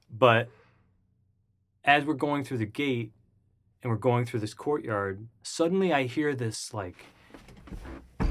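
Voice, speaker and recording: A man guest in an interview, telling a story casually and acting out the voices of the people in it. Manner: animated, acts out the voices of people in his story; jumps high and loud when excited.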